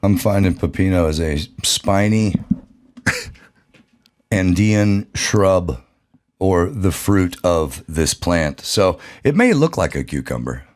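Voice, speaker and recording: Very deep-voiced man with dry remarks. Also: lively intonation, slow pace. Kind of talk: casual chat.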